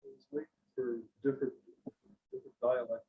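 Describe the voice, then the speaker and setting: A man in casual chat, telling anecdotes in an animated way. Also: mid-range voice, brisk, creaky, narrow, tinny audio. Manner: animated storyteller.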